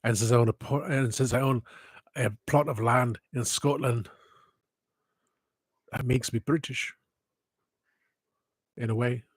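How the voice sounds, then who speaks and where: A man's voice: mid-range voice, fairly even intonation, unhurried, long pauses, husky, no room sound. A man rambling through a casual livestream, wandering off topic, cutting himself off, adding wistful asides. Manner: meandering, self-interrupting, wistful asides. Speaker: livestream host. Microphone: headset.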